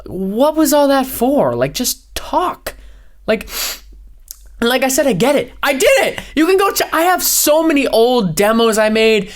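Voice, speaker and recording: Give me a high-energy young man hosting a casual podcast, rambling and animated. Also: measured pace. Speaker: podcast host, former radio DJ. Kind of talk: casual solo podcast rant.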